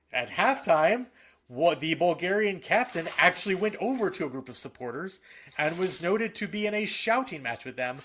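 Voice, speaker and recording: A man co-hosting a casual sports podcast. He talks in an animated, opinionated way and often restarts his sentences. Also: fairly high pitch, slight background noise. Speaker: podcast co-host.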